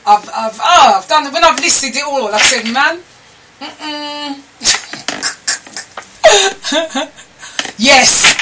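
Chatty woman live streaming. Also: fairly high pitch. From London. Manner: chatty storyteller with exclamations and laughs. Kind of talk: casual live stream chat. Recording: slightly distant mic with noise.

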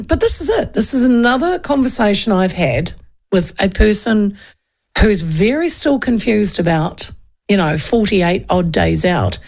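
Talk radio host, New Zealand woman in her fifties, gravelly fry in the voice, chatty and rambling. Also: mid-range voice, darkish tone. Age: 50s. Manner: chatty, rambling, with frequent ums and asides. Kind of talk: casual political talk.

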